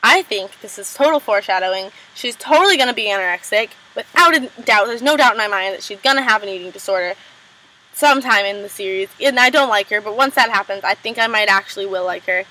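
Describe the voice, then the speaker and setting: A young woman casually recapping a TV episode, full of "like" and "um", quickly acting out characters' lines. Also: mid-range voice, sharp tone, poor audio. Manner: chatty, lots of "like" and "um", acts out lines in quick impressions. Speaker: recap vlogger.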